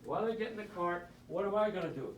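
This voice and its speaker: A man with a fairly high voice gives a classroom lecture to nurses, cracking jokes and firing questions at the audience. He sounds roomy and somewhat distant from the mic, with faint ambience in the lecture room. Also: lively intonation, fast talker, a little hiss or hum. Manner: joking, quizzes the audience. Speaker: anesthesiologist teaching nurses.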